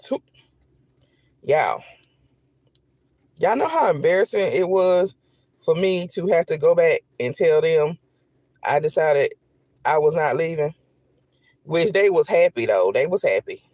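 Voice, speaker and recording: A man content creator telling an animated, repetitive storytime straight to his viewers. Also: on the high side, measured pace, pauses often, dry recording. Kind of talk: storytime vlog.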